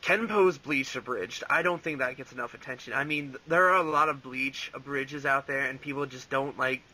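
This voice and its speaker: This interview guest is a young man who does fan voice acting, chatting in a casual, rambling way with plenty of "like," "um," and laughs. He has a mid-range voice with a sharp tone at normal speed, and the recording is rough.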